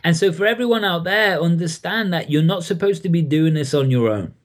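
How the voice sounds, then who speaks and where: Enthusiastic English man, higher voice. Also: lively intonation, a little fast. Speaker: mindset coach, guest. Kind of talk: podcast interview.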